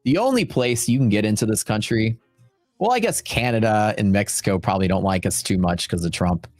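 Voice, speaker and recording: A Texan man hosts a trading livestream in a loose, rambling chat. His voice sits low and close on a dry mic, and faint music runs quietly in the background. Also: lively intonation, a little fast, dry recording. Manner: rambling, chatty, with frequent fillers and asides.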